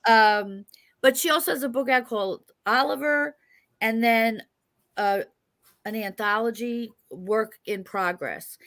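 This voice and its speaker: A woman with a New York accent hosts a casual interview, chatty and joking as she rambles from one point to the next. Her voice sits a bit high and rings bright and forceful. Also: unhurried. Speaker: interview host.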